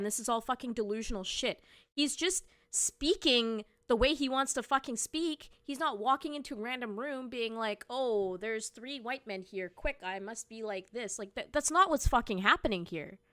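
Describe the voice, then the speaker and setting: A woman's voice: a little high, sharp tone, no room sound, clean studio sound. A woman hosting a gaming commentary show, reacting to clips in an exasperated, profanity-laced rant. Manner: exasperated, sweary ranting.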